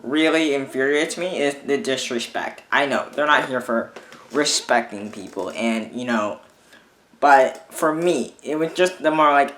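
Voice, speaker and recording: A man's voice: medium pitch, measured pace, fairly bright tone. A man, a vlogger, ranting in a casual monologue, exasperated, swearing often and restarting his sentences. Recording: echoey room.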